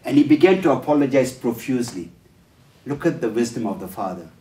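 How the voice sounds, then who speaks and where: Brisk and animated, this man speaks at medium pitch with a dark tone, lecturing on family life through stories in a workshop. He plays each character in a changed voice, filling the gaps with hesitant ums and uhs. It's recorded from a distance in a spacious venue, so the sound echoes.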